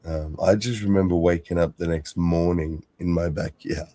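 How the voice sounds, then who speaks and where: Laconic man, very low and slow, dry close sound, casual co-host. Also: steady tone, mellow, no room sound. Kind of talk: casual conversation.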